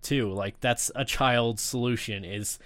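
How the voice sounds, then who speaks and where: A man's voice: mid-range voice, fairly even intonation, measured pace, a bit bright, dry recording. A man on a podcast panel, bluntly commenting on a film in casual chat and swearing freely.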